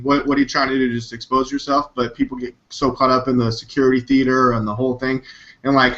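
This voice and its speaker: A man talks in halting stretches full of hesitations, with a sardonic edge. His voice is bright and mid-pitched. The audio is dull and lo-fi. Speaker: podcast co-host. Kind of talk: casual live-stream panel talk. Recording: muffled lo-fi stream audio.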